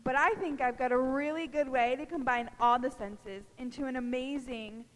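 A woman's voice: high voice, steady tone, moderate pace, big-room sound. A woman co-hosting a church stage skit, dry and skeptical. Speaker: skit co-host.

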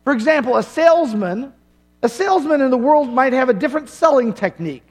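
Male pastor, middle-aged, very high voice, punchy sermon delivery with jokes and long pauses. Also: animated. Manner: emphatic preaching with dramatic pauses and humor.

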